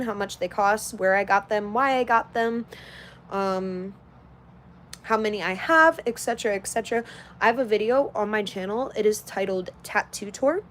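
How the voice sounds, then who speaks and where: Reading viewer comments aloud on a livestream, a woman in her late twenties talks in a blunt, very profane, casual way. Her voice is mid-range, with a slight hiss or hum in the recording.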